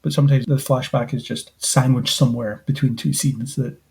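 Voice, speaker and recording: A man co-hosting a podcast, discussing a film in a measured, analytical way. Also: medium pitch, steady tone, vocal fry, a little mellow. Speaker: podcast co-host.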